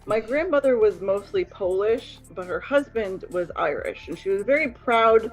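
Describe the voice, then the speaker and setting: Female panelist, frank and foul-mouthed, lively pitch. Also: moderate pace, faint music behind, low-quality recording. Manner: blunt, swears freely. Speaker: quiz guest. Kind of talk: casual group chat.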